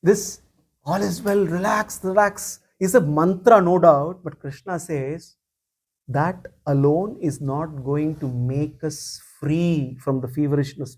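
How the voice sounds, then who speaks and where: A man giving a spiritual discourse as a teacher, speaking deliberately, repeating key phrases and reciting verses. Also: on the high side, a little mellow, slightly rough.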